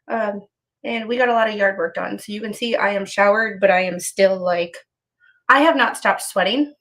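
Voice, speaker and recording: A woman's voice: mid-range voice, a bit bright. A young woman, chatting casually on a livestream from home, frank and profane with many ums and restarts, a little out of breath. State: slightly out of breath. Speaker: live streamer.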